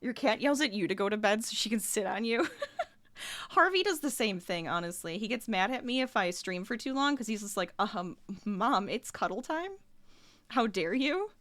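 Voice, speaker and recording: A woman's voice: mid-range voice, lively intonation, a little fast, fairly bright tone, no echo. A young adult woman streamer chatting casually and laughing often while she crochets at her desk at home. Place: home room.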